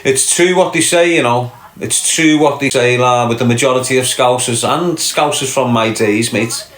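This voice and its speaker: A man's voice: mid-range voice, normal speed, fairly bright tone, reverberant. A man hosting a casual livestream, answering chat comments with brash, sweary, mocking banter.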